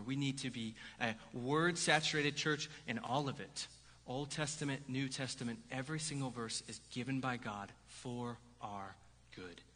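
A pastor preaching a sermon in a lively, conversational way, with "right?" asides to the congregation. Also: male voice, mid-range voice. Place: church sanctuary. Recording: hall reverb.

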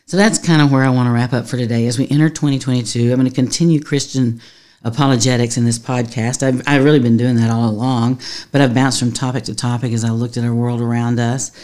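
A woman pastor, teaching in a conversational podcast monologue, earnest and quick to laugh. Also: extremely low pitch, steady tone, warm tone.

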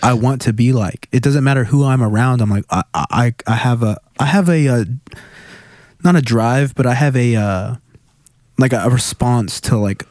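A young man in casual chat, talking candidly and haltingly about himself. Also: medium pitch, a little mellow, no room sound, studio quality.

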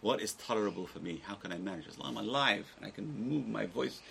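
An older man teaching a religious class, lecturing a small group in an animated way with restarts and asides. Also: lowish voice, quick pace, gravelly, slight background noise.

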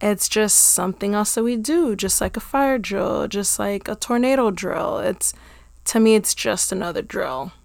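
A woman teacher talking in a calm, matter-of-fact way in casual conversation. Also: medium pitch, normal speed, vocal fry, dry recording.

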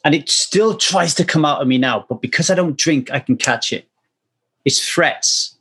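A man talking candidly in a relaxed conversation, earnest and casually swearing, often restarting his sentences. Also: fairly high pitch, normal speed, breathy edge. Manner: acts out quoted speech animatedly.

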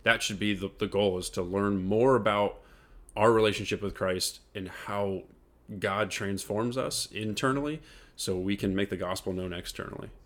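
A man's voice: fairly low pitch, moderate pace, fairly bright tone. A man co-hosting a casual faith podcast, speaking in an earnest, reflective way and laughing easily. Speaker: podcast co-host.

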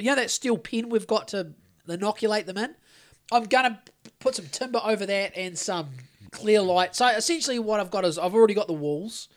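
Rambling sweary Australian man. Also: high-pitched. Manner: rambling, sweary storytelling with many restarts. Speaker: podcast co-host. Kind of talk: casual chat.

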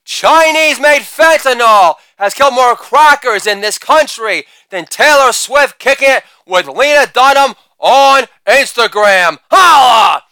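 A male comedian doing a crude insult roast, with brash delivery and shouted catchphrases. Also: very high-pitched, animated, a little slow, few pauses, smooth, no room sound.

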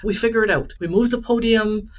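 A woman's voice: mid-range voice, brisk, muffled recording, slight background noise. Candid laughing woman in her forties. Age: 40s. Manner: candid, laughing, acts out dialogue in stories. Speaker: podcast guest, event manager and grief educator. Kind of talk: casual interview chat.

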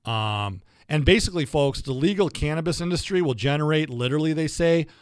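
Man, show host, chatty and rambling, slightly higher voice. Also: fairly quick, clean tone, no room sound, studio quality. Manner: animated, rambling, frequent restarts. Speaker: radio show host and lawyer. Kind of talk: casual talk-radio chat.

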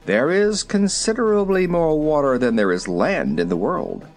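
A reader voicing a learned old male wizard who speaks in a measured, grave way in a storybook reading. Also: medium pitch, big pitch swings, soft background music, pitched above the performer's own voice.

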